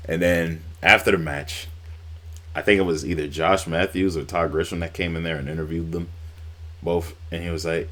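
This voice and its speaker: Deep-voiced man recapping wrestling. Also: level tone, brisk, fairly bright tone. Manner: rambling storytelling with fillers and swearing. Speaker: wrestling YouTuber.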